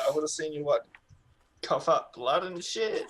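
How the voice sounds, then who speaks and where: A man's voice: on the high side, normal speed, a bit bright. A man playing a tabletop role-playing game, speaking plainly and earnestly. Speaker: player. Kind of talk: casual tabletop play. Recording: faint background noise.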